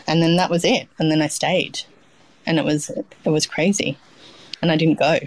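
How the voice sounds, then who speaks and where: A woman's voice: sits low, dry recording, low-quality recording. A middle-aged Australian woman, a chef being interviewed, talking in a rambling, casual way with many ums and restarts. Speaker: chef, guest.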